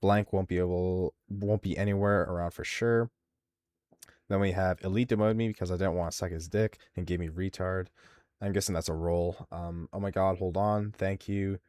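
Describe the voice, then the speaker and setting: A man's voice: low-pitched, fairly even intonation, moderate pace, darkish tone, no echo. A man hosting a live stream, reading out viewer responses and mocking them in a crude, exasperated way. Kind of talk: casual live-stream commentary.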